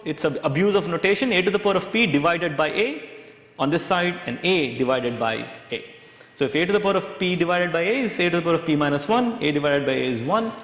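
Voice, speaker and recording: A man giving a university lecture, halting and repeating himself, often checking that the class follows. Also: on the high side. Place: large lecture hall. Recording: echoey lecture hall recording.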